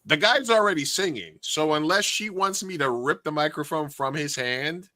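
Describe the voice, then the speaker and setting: A man co-hosting a casual podcast, telling an animated story and acting out the voices of the people in it. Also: a little high, moderate pace, dry recording. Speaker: podcast co-host and karaoke host.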